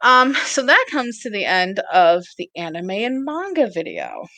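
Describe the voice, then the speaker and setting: Bright-voiced woman podcast co-host, slow and chatty. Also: medium pitch, huge pitch swings, dry recording. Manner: chatty, laughs often, plans the schedule aloud. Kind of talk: casual chat.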